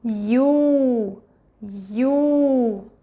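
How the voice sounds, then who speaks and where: A woman teaching beginners, slowly sounding out letters and syllables and repeating each one, with short praise in between. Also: sits high, highs cut off. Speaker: language teacher. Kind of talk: slow beginner pronunciation lesson.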